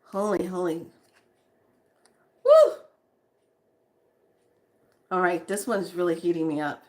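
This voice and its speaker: Slow-talking woman in a spiritual vlog. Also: fairly low pitch, big pitch swings, darkish tone. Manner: slow, breathy exclamations, bursts of whooping and laughter. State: sweating, overheated. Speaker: spiritual vlogger. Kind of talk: casual spiritual vlog, reading names aloud.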